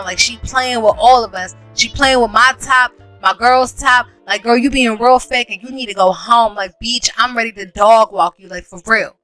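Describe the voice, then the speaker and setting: A woman hosting a life-sim game let's play, giving animated, slangy commentary and laughing often. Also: fairly high pitch, normal speed, hardly any pauses, soft background music.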